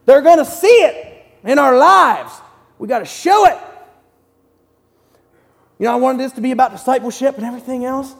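A man giving an excited, conversational sermon in short punchy phrases as a lay preacher in a church. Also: very high-pitched, normal speed, gravelly, pauses often. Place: church sanctuary. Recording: long hall reverb.

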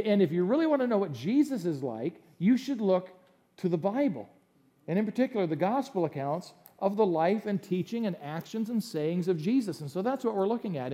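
A male pastor delivering a sermon with a fairly high, mellow voice. He talks in a loose, conversational way, with quick asides and emphatic lines between passages of scripture. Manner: animated, conversational, opinionated asides.

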